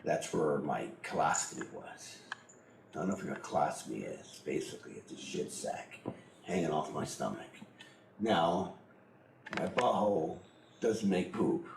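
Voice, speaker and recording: A man's voice: a bass voice, lively intonation, moderate pace, gravelly, reverberant, slight background noise, poor audio. A middle-aged man telling a personal story in a blunt, profane way, laughing often as he goes. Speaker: interviewee.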